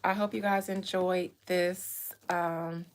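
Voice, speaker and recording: A woman's voice: on the low side, slow pace. Candid woman chatting on a livestream. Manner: candid, animated storytelling with blunt language. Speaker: real estate agent and livestream host. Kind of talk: casual livestream chat.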